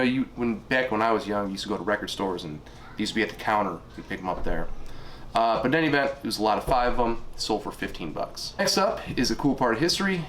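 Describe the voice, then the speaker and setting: A man's voice: on the low side, fairly bright tone, slight background noise. A middle-aged man casually running through items he sold online, rambling with fillers and unsure asides. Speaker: online reseller. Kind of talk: casual spoken sales rundown.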